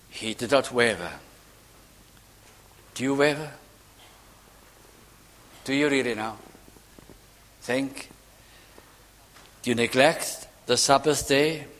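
A man preaching a sermon, reading scripture slowly and dramatically, swelling and dropping his volume. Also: medium pitch, in a large hall.

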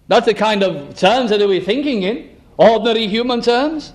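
Male preacher, high-pitched, earnest, asks pointed questions and sinks to a hush. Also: animated, normal speed. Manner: earnest, probing rhetorical questions, drops to a hush. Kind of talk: sermon.

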